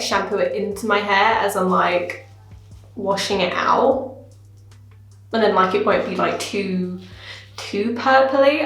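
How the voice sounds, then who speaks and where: A young woman reviewing a hair product in a casual home vlog. She talks in a chatty, self-dramatizing way, with lots of filler words. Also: mid-range voice. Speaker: beauty vlogger. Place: bathroom at home. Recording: very echoey bathroom.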